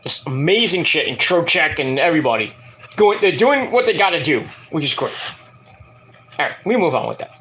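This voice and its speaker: Casual male reviewer, bright and lively, profane and rambling. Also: a little high, normal speed. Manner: profane, ranting, hesitant with fillers. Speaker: wrestling review vlogger.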